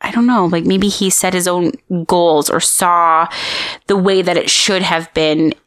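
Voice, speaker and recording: A woman with a fairly low voice tells a story in casual podcast chat. She rambles, stops and restarts as she goes. The sound is dry and close, with no room around her. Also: fairly even intonation, measured pace, fairly bright tone, no echo. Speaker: podcast host.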